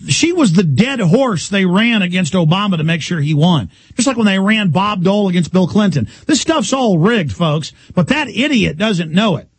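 Gravelly ranting talk radio host. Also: male voice, high voice, expressive, normal speed, few pauses, no room sound. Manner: loud, combative, ranting, sarcastic.

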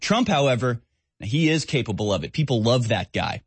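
A man's voice: medium pitch, lively intonation, normal speed, husky, no echo. A man hosting a political talk radio show, speaking sarcastically and mocking the people he discusses. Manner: sarcastic, mocking, mimics voices.

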